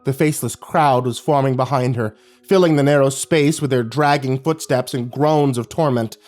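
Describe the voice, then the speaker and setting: A man's voice: medium pitch, moderate pace, faint music behind. A man narrating a horror story in a dramatic, scripted style. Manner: dramatic, lively delivery.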